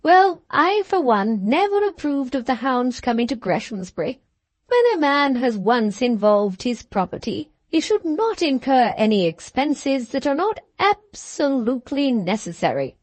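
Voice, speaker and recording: A woman voicing a stern old countess from a period audiobook, imperious and disapproving as she lectures. The voice sits a little high and moves slowly and deliberately. It is recorded dry and close. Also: big pitch swings, a little mellow, dry recording, full character voice. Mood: lecturing. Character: haughty, stern aristocratic countess, older woman.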